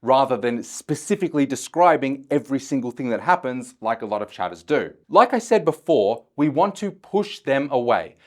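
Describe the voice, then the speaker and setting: A man's voice: mid-range voice, sing-song, normal speed, hardly any pauses. A man coaching chatters on handling objections, talking bluntly and swearing casually. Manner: acts out sample chat messages in a shy voice. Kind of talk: instructional explainer.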